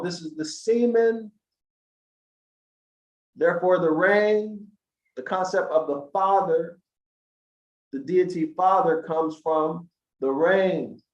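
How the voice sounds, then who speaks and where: A man with a slightly high voice lectures slowly and emphatically, his rising into preachy questions to the listeners. The sound is dull and lo-fi, and an echoey room rings around him. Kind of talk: lecture to an online audience.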